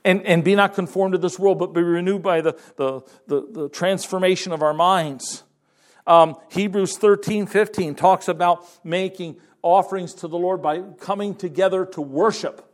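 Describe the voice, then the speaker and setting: High-voiced man preaching a sermon. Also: moderate pace. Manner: conversational preaching with fillers and restarts. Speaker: pastor.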